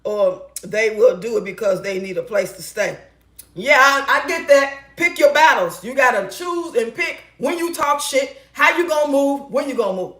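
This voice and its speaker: Middle-aged woman vlogger, high-pitched, loud and blunt, swearing freely, in an echoey kitchen. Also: expressive, normal speed. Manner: loud, blunt and profane, with bursts of laughter. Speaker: relationship advice vlogger. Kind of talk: casual storytelling chat.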